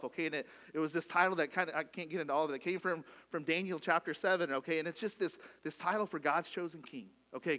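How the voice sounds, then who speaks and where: A man's voice: a little high, fairly bright tone. A male pastor preaching a sermon in a casual way, often asking "okay?" and acting out what the people in the story say. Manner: conversational preaching, frequent "okay?" check-ins, acts out quotes. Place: church sanctuary.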